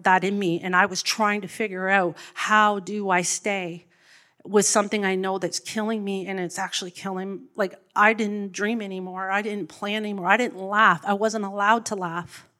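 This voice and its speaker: A woman's voice: mid-range voice, flat delivery, normal speed, sharp tone. A woman, an addictions counselor, telling her personal faith story in a candid, emotional way. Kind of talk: personal testimony.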